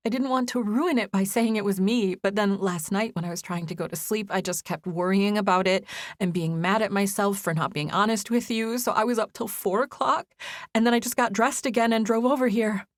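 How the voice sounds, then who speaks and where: A woman's voice: mid-range voice, brisk, dry recording, voice pushed up, lightly acted. A woman narrator voicing a tired, nervous young woman who is close to tears and speaks breathily, apologizing as her words tumble out. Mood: tearful confession. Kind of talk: audiobook character voice.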